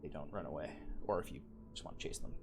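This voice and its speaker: A man running a tabletop game as game master, talking in an easygoing, halting way with many fillers and restarts. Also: very deep voice, vocal fry, noisy background.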